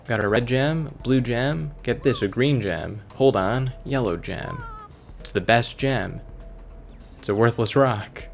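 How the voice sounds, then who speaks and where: A man's voice: medium pitch, takes it slowly, gravelly. A man casually commenting on a video game he is playing, reading the on-screen text aloud and cracking jokes. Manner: playful, jokey, reads game text aloud. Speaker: let's play host. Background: faint game music.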